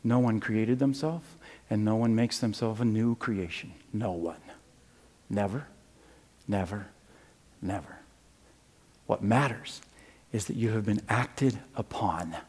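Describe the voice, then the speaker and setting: An older man preaching a sermon, animated in his stories and dropping low and quiet for serious points. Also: a little slow, slightly rough, long reverb tail. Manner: animated storytelling, swings from loud and high to low and quiet. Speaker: pastor.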